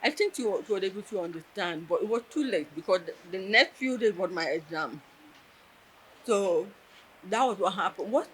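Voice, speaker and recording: A woman's voice: medium pitch, expressive, moderate pace, a little hiss or hum, poor audio. A woman telling a personal story in an interview, earnest and emotional, close to tears. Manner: earnest, emotional, tells with quoted dialogue.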